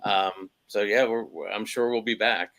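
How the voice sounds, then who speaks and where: A man's voice: on the low side, fairly even intonation, moderate pace, creaky, crowd noise. A man hosting a podcast, casually wrapping up the talk and handing over to his guest. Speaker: podcast host.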